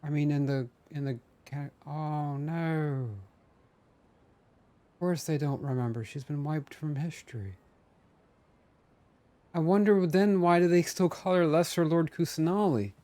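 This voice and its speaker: A man's voice: on the high side, unhurried, long pauses, mellow. A man streaming a video game, chatting casually in a playful, rambling, jokey way. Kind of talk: casual gameplay commentary.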